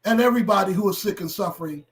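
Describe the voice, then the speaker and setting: A middle-aged man hosting a livestream and talking to his chat, impassioned and blunt, with profanity that builds into shouting. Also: high voice, rapid-fire. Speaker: livestream host.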